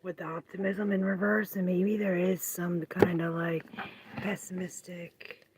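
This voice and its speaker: Woman tarot reader, live stream, slow musing delivery with whispered asides, noisy home audio. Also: fairly low pitch, little pitch movement. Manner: musing, drifts into soft half-whispered asides.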